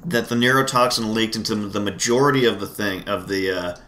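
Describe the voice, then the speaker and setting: A man's voice: fairly low pitch, a little fast, pushed and bright. A man hosting a casual podcast chat, rambling with frequent restarts and laughter. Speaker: podcast host.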